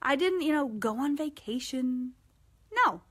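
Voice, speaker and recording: A woman in her forties hosting a casual live-stream chat, talking frankly and swearing freely with lively energy. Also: sits high, measured pace, breathy edge. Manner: frank and profane, animated. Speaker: host.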